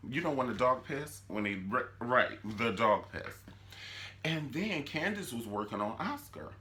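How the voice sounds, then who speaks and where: A man hosting a comedic review vlog, with a flamboyant, sassy, animated and dramatic delivery. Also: on the low side, a little slow. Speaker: show reviewer and host.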